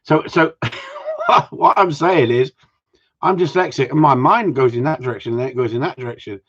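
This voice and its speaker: A man's voice: on the high side, huge pitch swings, moderate pace, a bit bright, breathy edge. A man hosting a live stream, chatting in a cheeky, sweary, rambling way that jumps between topics. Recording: dull lo-fi stream audio.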